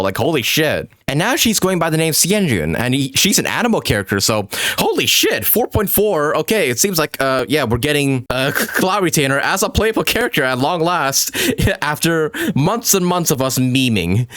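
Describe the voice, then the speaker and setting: A man streaming, reacting casually to game news in an excitable, rambling way, laughing often and swearing freely. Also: mid-range voice, dry recording, clean studio sound. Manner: rambling, with frequent fillers and restarts.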